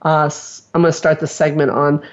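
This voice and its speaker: A woman hosting a casual talk show as a therapist, animated and acting out quotes playfully. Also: low voice, brisk. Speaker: podcast host and therapist. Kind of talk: casual chat. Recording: dull lo-fi sound.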